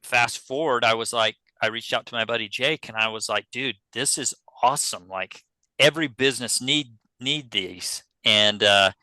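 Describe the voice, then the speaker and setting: A man's voice: mid-range voice, moderate pace, sharp tone, no echo, low-quality recording. A man, a podcast guest telling a business story casually and acting out the dialogue he quotes. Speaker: podcast guest, pest control business owner.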